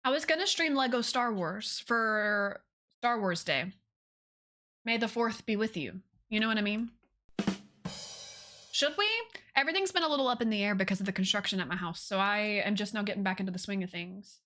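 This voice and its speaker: A young woman, chatting casually with viewers on a live stream, bubbly and gushing. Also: moderate pace. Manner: bubbly, gushing, swoops up high when excited.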